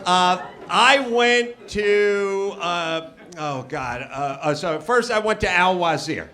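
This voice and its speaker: High, bright-voiced man ranting onstage. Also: animated, takes it slowly. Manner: profane, ranting anecdotes with acted-out dialogue. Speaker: host. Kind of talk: live comedy podcast storytelling. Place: comedy club stage before a live audience.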